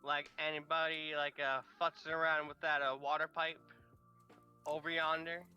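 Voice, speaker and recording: Man, tabletop player, hesitant, bright crisp voice, dull lo-fi mic. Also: a little high, level tone, moderate pace, soft background music. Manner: hesitant, repeats words. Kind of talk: casual tabletop game chat.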